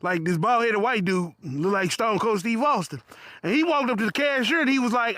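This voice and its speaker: A man telling a profane comic story in an animated voice full of punchy asides. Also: very high-pitched, normal speed, no echo, studio quality. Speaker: comedic storyteller.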